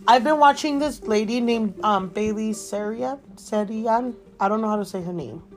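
Soft music plays in the background as this podcast co-host, a young woman with a higher voice, talks at a normal speed. The conversation is casual and meandering, thick with filler words.

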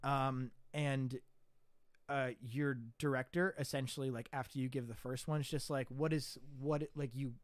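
A man's voice: mid-range voice, flat delivery, normal speed, dry recording. A young man in casual podcast chat, rambling with many fillers and restarts as he recalls acting class.

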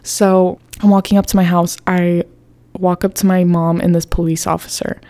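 A woman's voice: fairly low pitch, flat delivery, moderate pace, dark tone. A woman in her twenties, a podcast host casually telling a story with lots of fillers and swearing.

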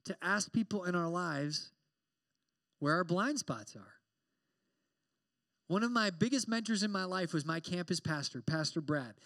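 A young man preaching a sermon as a campus pastor, animated and joking, acting out quoted exchanges as he talks. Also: high voice, dry recording.

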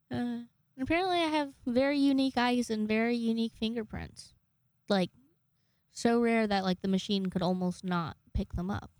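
A woman's voice: a little high, moderate pace, a little mellow, no room sound, clean studio sound. A young woman in her twenties telling rambling, jokey, profane stories to camera in a casual vlog. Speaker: vlogger.

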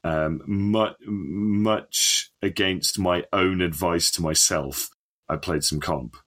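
A man's voice: low-pitched, fairly even intonation, takes it slowly, fairly bright tone. A man co-hosting a podcast in casual banter, swearing a lot and laughing often. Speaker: podcast co-host.

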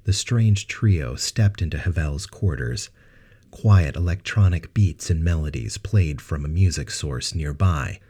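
Deep husky male audiobook narrator. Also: measured pace, warm tone. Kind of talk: scripted narration.

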